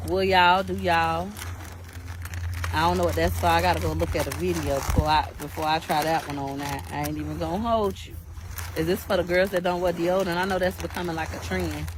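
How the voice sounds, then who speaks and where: A woman's voice: on the low side, steady tone, fairly quick, noisy background. A woman doing a product review video, blunt and brash, swearing freely.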